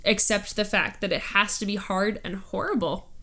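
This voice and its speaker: A young woman co-hosting a casual chat, earnest and quick to laugh. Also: mid-range voice, steady tone, a bit bright.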